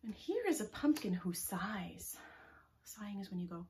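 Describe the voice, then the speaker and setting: A woman librarian leading a preschool story time, reading aloud slowly in a sing-song way and often dropping to a soft whisper. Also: medium pitch, lively intonation, creaky. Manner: leads rhymes and chants with children. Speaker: children's librarian. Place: public library.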